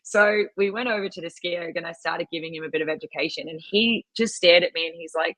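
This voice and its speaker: An Australian woman with a fairly low voice chats her way through a story, laughing easily and leaning on "like" as she goes. The sound is close and dry, with no room around her. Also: quick pace, a bit bright, dry recording. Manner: chatty storytelling, laughs often, says "like" a lot. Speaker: rowing and ski erg coach guest. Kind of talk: casual podcast chat.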